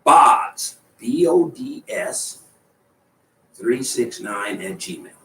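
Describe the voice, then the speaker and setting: A man's voice: medium pitch, wildly swooping pitch, very slow, vocal fry, sharp tone, recorded from a distance. Teasing man DJ, echoey and off-mic. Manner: teasing, laughs often. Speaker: radio DJ and co-host. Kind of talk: casual on-air banter.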